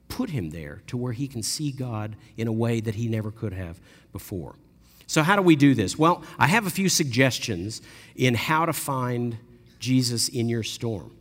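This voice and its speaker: A man of middle pitch preaches a sermon, and his voice rings with the long reverb of a large hall. He tells the story with animated delivery and briefly acts out the people he quotes.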